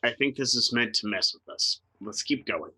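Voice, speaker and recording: A man's voice: mid-range voice, animated, moderate pace, pushed and bright, slightly rough. A man playing a tabletop game, talking in a skeptical way and laughing easily. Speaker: player.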